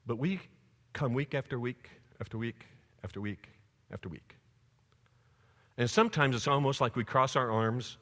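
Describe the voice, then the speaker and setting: Man, preacher, sermon, mid-pitched voice, long hall reverb. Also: normal speed, long pauses. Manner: animated storytelling preacher.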